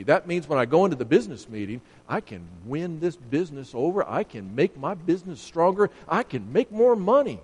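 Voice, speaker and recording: A man preaching a sermon, emphatic and building to sharp, rising points as he makes his case. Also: on the high side, sing-song, brisk, few pauses, slightly rough, long reverb tail.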